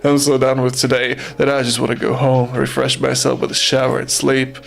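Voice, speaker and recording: A man's voice: medium pitch, monotone, brisk, vocal fry. A man streaming a game live, reading its story aloud in a jokey, swearing, playful way. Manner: jokey, swearing, breaks into laughter and silly outbursts.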